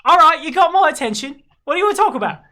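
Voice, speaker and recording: A game master voicing a brash woman in her thirties who runs a tavern, talking in a gruff, blustery way that stammers when flustered. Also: high-pitched, lively intonation, racing, crowd noise, pitched above the performer's own voice.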